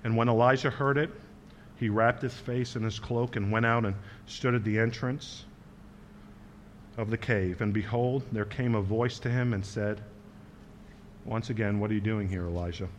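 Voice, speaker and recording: A man preaching a sermon in a quiet, intimate manner, asking the congregation questions. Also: mid-range voice, steady tone, a little slow, long pauses, slight background noise. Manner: quiet, intimate, drops to a hush. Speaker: pastor.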